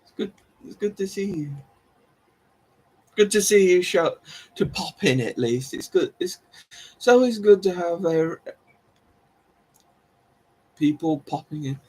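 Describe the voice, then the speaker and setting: A man hosts a home live stream, talking casually and rambling with plenty of restarts. His voice is husky and sits a little high for a man. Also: animated, a little slow, pauses often, darkish tone. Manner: rambling, self-deprecating, restarts and laughs often. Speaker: livestream host. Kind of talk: casual live chat with viewers.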